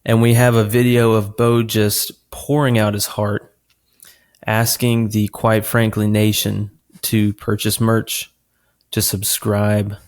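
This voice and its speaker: A man's voice: fairly low pitch, little pitch movement, slow. A man co-hosting a podcast in casual chat, rambling a bit with restarts and fillers. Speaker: podcast co-host.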